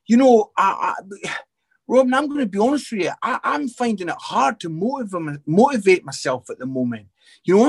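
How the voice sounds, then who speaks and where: Man, high voice, animated storyteller, lots of restarts, testimony in an interview. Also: husky. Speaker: evangelist and comedian.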